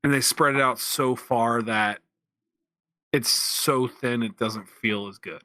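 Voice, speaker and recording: Podcast co-host, man, bright voice, rambling casual delivery, dry close mic. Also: mid-range voice, takes it slowly, no echo. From Pennsylvania, USA. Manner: rambling, lots of restarts and fillers. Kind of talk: casual chat.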